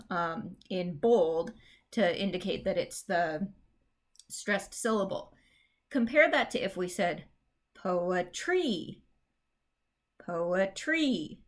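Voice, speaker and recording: A woman English teacher talks through a recorded lesson in a casual, chatty way, scattering fillers as she goes. Her voice sits a little low, and she leans hard on stressed syllables to show how words are said. Now and then she slips in a dry, self-mocking joke. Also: a bit bright. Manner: exaggerates word stress to demonstrate. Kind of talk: recorded class lecture.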